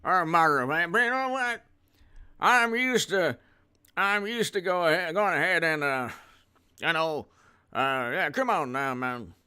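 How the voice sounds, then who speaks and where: A man's voice: on the high side, unhurried, sharp tone, clear, resonant tone. A man doing a mocking impression of an elderly male politician who rambles and trails off. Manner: rambling, trailing off, repeating words. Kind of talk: comedic impression.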